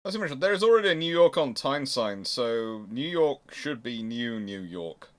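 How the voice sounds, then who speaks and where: Wry, lively man chatting history. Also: medium pitch, moderate pace. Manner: chatty, wry asides, reads chat aloud. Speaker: history livestream host. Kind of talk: casual livestream history talk.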